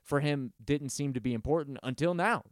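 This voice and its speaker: A man co-hosting a podcast, talking through a music review in a casual, animated, profane way, often stopping and restarting mid-sentence. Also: medium pitch, fairly quick, no room sound, clean studio sound. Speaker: podcast co-host.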